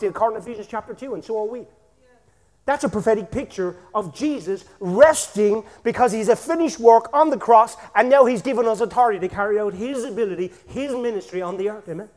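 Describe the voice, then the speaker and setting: A man preaching energetically in a church, with bursts of shouting and a constant "amen?". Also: very high voice, a little fast, in a large hall. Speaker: pastor. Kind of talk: sermon.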